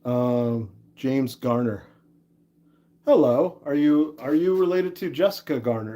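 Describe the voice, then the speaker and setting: A man's voice: mid-range voice, measured pace, mellow. Chatty man hosting a woodworking livestream. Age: 30s. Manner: chatty, laughs easily, reads and answers chat. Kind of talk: casual livestream chat while working.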